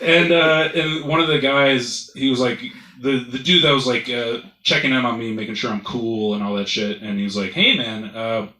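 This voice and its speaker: A man's voice: medium pitch, steady tone, normal speed, hardly any pauses, sharp tone, echoey room, low-quality recording. A man doing stand-up, telling a rambling, profane story and laughing at his own jokes. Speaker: stand-up comedian.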